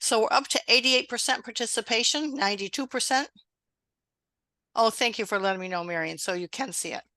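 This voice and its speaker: A woman's voice: on the high side, fairly quick, dry recording. A middle-aged woman hosting an online exam-prep webinar, chatty and encouraging, talking over a video call. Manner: warm, encouraging, conversational.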